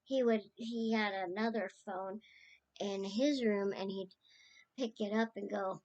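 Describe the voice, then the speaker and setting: Slow, rambling woman sharing fond memories. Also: mid-range voice, steady tone, darkish tone, highs cut off. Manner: rambling and tender, drifting between stories. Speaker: niece sharing memories of her late uncle. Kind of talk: casual spoken remembrance.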